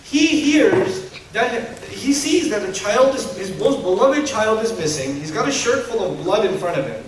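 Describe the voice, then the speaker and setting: A man with a fairly high voice delivers an Islamic lecture to a live audience, animated and humorous and full of rhetorical questions. He is heard from a distance in a strongly echoing lecture hall. A faint hum of the room sits behind him. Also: a little slow. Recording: echoey hall, distant mic.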